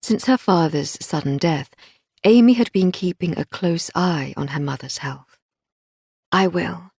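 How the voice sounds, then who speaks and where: Husky-voiced woman narrating a thriller. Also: lowish voice, animated, unhurried, warm tone, no room sound, clean studio sound. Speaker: audiobook narrator. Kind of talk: scripted narration.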